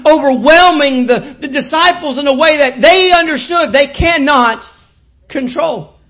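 A high-pitched woman delivers a fervent sermon with a repetitive, rhythmic cadence. She sinks into quiet, low asides, then climbs back to shouted peaks that carry across the church. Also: rough recording. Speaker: preacher. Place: church with live congregation.

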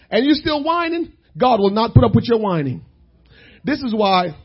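High-pitched man preaching hard. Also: big pitch swings, normal speed, slightly rough, dull audio. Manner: shouting, emphatic preaching with sudden drops to quiet asides. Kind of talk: sermon.

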